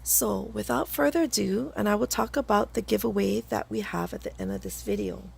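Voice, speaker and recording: A woman hosting a casual craft video from home, talking through her projects in a chatty, slightly halting way while hoarse from a cold. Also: mid-range voice, very animated, a little mellow. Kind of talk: casual craft tutorial chat.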